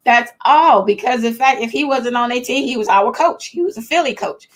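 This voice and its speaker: A fairly high-voiced woman hosts a casual live-stream chat from home. She is chatty and excitable, laughs often and talks straight to the people watching. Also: normal speed. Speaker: host of a live chat show.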